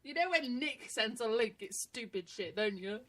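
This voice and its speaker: A woman's voice: a little high, lively intonation, normal speed, fairly bright tone, a little hiss or hum. An English woman co-hosting a casual chat show, teasing cheekily and laughing often. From England. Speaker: co-host.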